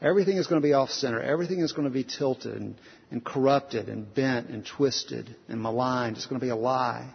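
A man's voice: mid-range voice, fairly quick, gravelly, breathy edge. A male pastor preaching a conversational sermon, earnest, repeating phrases and restarting sentences, with many rhetorical questions. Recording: dull lo-fi sound with long hall reverb.

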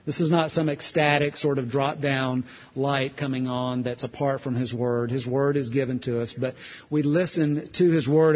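A man's voice: medium pitch, big-room sound, lo-fi sound. A man preaching a sermon in a conversational, storytelling way, restarting phrases as he goes.

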